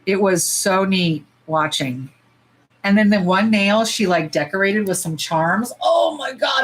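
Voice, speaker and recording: A middle-aged woman hosting a casual livestream. She talks bluntly with plenty of swearing and sometimes breaks into loud squeals. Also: medium pitch, measured pace, rough recording. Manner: blunt, profane and animated, jumping to loud squeals. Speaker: nail polish livestream host. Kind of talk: casual livestream chat while swatching.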